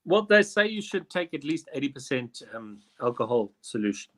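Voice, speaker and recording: A man's voice: mid-range voice, big pitch swings, normal speed, a bit bright. A man hosting a casual online quiz, reading questions aloud and riffing with jokes between them. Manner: jokey, reads questions then riffs with swearing and laughs. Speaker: quiz host.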